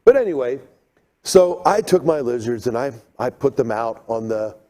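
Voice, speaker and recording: Animated man telling a seminar story. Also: medium pitch, moderate pace. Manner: animated storyteller, acts out scenes. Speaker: creation seminar speaker.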